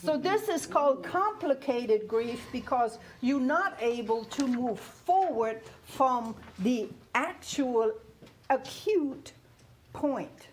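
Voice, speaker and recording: Her high, expressive voice moves slowly and carries a faint hiss or hum. She's a woman in her fifties whose first language isn't English, laughing frequently and checking in with listeners as she leads a conversational talk on grief.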